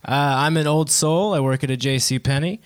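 A man's voice: a little high, fairly quick, noisy background. A man in his twenties doing a stand-up set in a living room, self-deprecating and laughing at his own jokes. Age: 20s. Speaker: stand-up comedian.

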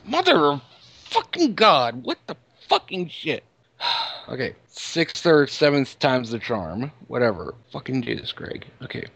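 A man's voice: medium pitch, very animated, a little slow, vocal fry, a bit bright, no echo. A man co-hosting a podcast, talking casually, frustrated and swearing a lot. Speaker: podcast co-host. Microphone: close podcast mic.

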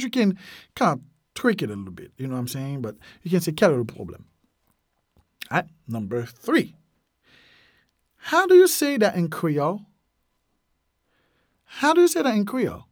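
A man's voice: fairly high pitch, wildly swooping pitch, moderate pace, pauses often, dry recording, studio quality. A man hosting a podcast, teaching useful phrases casually, repeating each one and using plenty of fillers. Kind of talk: casual language lesson.

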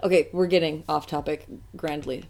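A woman's voice: low voice, steady tone, moderate pace, vocal fry, a little mellow. A woman co-hosting a podcast, chatting playfully and riffing on a fairy tale. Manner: chatty, playful, riffs on the story. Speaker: podcast co-host. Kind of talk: casual chat.

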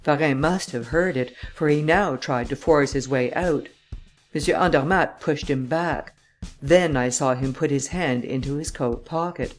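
A man narrating an audiobook in a steady, measured storytelling manner. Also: on the high side, soft background music. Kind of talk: scripted narration.

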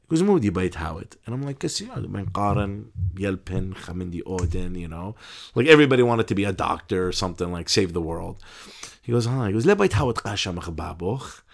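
A middle-aged man, an interview guest who is a deacon and pharmacist, telling stories casually, laughing and stumbling, his pitch jumping up when he gets excited. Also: a little fast, creaky.

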